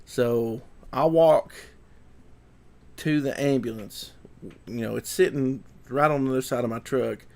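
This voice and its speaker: Gravelly young man rambling. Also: medium pitch, measured pace, a little mellow. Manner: rambling, repeats himself, trails off. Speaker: vlogger. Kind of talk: casual storytelling to camera.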